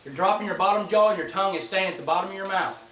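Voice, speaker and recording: A man giving a casual spoken demonstration of goose calling, in a relaxed, folksy way that repeats and restarts his phrases. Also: high voice, very fast, slight background noise. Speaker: goose call instructor. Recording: distant mic in an echoey space, faint clicking.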